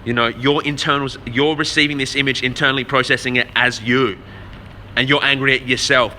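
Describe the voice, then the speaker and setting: A young man's voice, very bright and forward, rambles through a casual vlog chat, peppered with swearing and "bro". Faint noise hums in the background. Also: mid-range voice. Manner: rambling, profane storytelling with lots of "man" and "bro". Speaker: vlogger.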